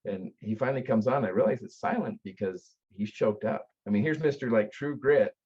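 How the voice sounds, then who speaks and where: A man, founder of an aftercare company, telling stories in an earnest, animated way with frequent restarts. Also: mid-range voice, fairly quick, breathy edge, dull audio. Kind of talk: conversational storytelling.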